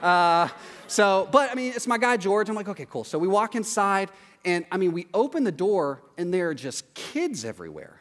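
A man preaching from a church stage, his raised voice ringing through a big hall with a long reverb. He tells a story with animated energy and slips into the voices of the people in it. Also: high-pitched, moderate pace. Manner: animated, acts out voices in quotes. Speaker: pastor. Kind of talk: sermon storytelling.

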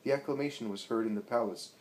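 A man's voice: lowish voice, fast, a little mellow, lightly acted, low-quality recording. A man reading as Salome, a bold young woman. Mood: pleading. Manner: pleading, insistent.

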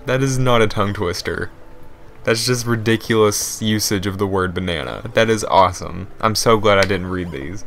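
Young guy with a low voice doing a let's play, reads the game text out loud and cracks jokes about it. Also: normal speed, a little hiss or hum. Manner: jokey, reads game text aloud and riffs on it. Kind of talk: casual gameplay commentary.

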